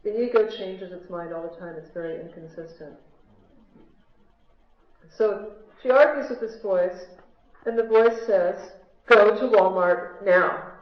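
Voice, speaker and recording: A spiritual speaker from the United States talks at a measured pace in a mid-range voice, pausing often as she shares stories and asks her large live audience questions. The echoey, lo-fi recording came from a handheld MP3 player in the crowd.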